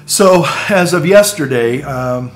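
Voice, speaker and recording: A man vlogging in a casual, rambling monologue, with halting restarts, asides and chuckles at his own jokes. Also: fairly high pitch, animated, faint music behind.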